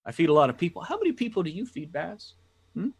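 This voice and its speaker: A man voicing a big, loud, gregarious former councilman who boasts and blusters. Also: on the high side, sing-song, fast talker, slightly rough, voice pushed up, exaggerated voice. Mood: blustering.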